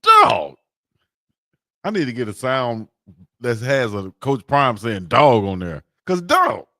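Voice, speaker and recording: A man co-hosts a casual sports talk show with a lively, sing-song intonation, laughing often and swinging into high voices for comic effect. His voice is recorded close and dry, with no room sound. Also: slow, no room sound. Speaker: co-host.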